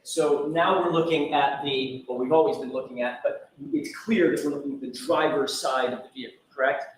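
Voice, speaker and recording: A man working as a trial attorney, questioning a witness in a measured, formal way. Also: mid-range voice, fairly even intonation. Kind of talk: courtroom questioning. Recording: roomy courtroom audio with faint noise.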